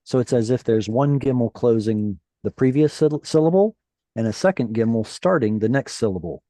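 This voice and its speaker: A man's voice: medium pitch, expressive, normal speed, dark tone, no echo. A man teaching a Hebrew reading class over a video call, patient and encouraging, explaining step by step.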